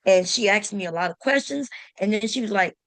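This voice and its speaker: A woman's voice: medium pitch, expressive, a little fast, no room sound. A woman hosting a sewing channel, telling a story to camera in a casual, emphatic way and talking straight to her viewers with exasperated rhetorical questions.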